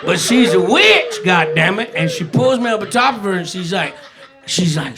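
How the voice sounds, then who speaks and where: A man's voice: high-pitched, very animated, moderate pace, over a noisy crowd. A brash man doing a rowdy stand-up comedy set on a club stage. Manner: brash, rowdy, shouting punchlines. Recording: live club set with audience. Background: audience laughter and reactions.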